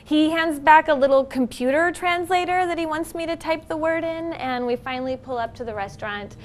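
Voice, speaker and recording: A woman guest on a comedy game show, telling a comic anecdote in an animated way and laughing between phrases. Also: high-pitched, fairly quick. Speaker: celebrity guest.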